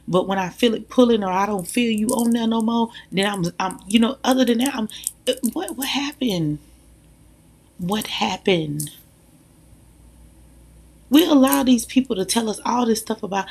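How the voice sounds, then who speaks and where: Mom vlogger: husky, gravelly woman, emphatic, talks right at the audience. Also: medium pitch. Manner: animated, emphatic, addresses listeners directly. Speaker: mother sharing views. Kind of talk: casual monologue to viewers.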